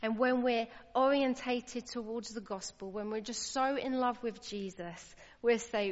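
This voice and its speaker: A woman's voice: fairly high pitch, fairly even intonation, unhurried, few pauses, highs cut off. Earnest woman preaching in a reverberant hall. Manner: earnest, emphatic, rising to exclaim. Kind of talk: sermon.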